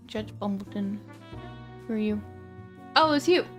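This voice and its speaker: A woman's voice: mid-range voice, expressive, unhurried, long pauses, faint music behind. A woman streamer chatting casually and playfully to her live chat.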